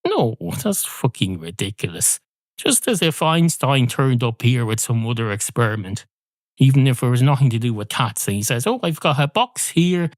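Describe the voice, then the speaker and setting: A man hosting a comedy podcast, ranting and swearing through absurd tangents. His pitch swings widely, and the recording is close and dry with no room sound. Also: sing-song, normal speed, no room sound. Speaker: podcast host. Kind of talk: comic monologue.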